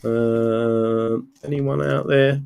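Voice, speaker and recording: Tired, gravelly-voiced man streaming live. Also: medium pitch, fairly even intonation, extremely slow, darkish tone. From England. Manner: reads out viewer names, rambling with many fillers. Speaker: livestream host. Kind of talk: casual livestream chat. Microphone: computer mic, camera off.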